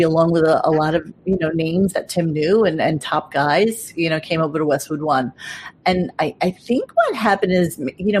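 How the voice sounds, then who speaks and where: A woman's voice: deep voice, darkish tone, slight background noise. A woman hosting a podcast in casual chat, blunt and swearing freely, with plenty of fillers and restarts. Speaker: podcast host.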